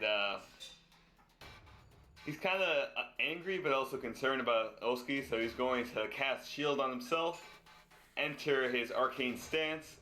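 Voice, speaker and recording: Guy with a bright mid-pitched voice calmly running through his turn in a tabletop game. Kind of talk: live-streamed tabletop game play.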